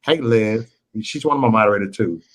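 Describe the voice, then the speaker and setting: A man's voice: on the low side, a little fast, fairly bright tone, rough recording. A man hosting a late-night livestream, talking crude, boastful and petty, and repeating his phrases. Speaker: livestream host.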